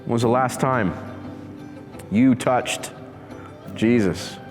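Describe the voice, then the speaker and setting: A man's voice: mid-range voice, slow, big-room sound, music in the background. A male pastor giving a conversational sermon, laughing easily and acting out the people in his story. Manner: conversational preacher, acts out voices, laughs easily.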